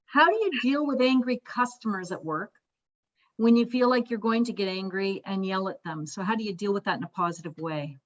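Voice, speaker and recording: A woman's voice: medium pitch, fairly quick. A woman moderates a webinar over a video call, politely thanking the guest and reading out audience questions. Her voice comes through dull, lo-fi call audio.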